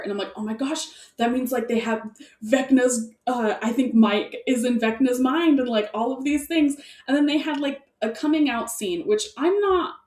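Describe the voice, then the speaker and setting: A woman chatting casually as a podcast co-host, rambling and excitable, laughing often and stacking fillers. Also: fairly high pitch. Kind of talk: casual chat. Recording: echoey room, distant mic.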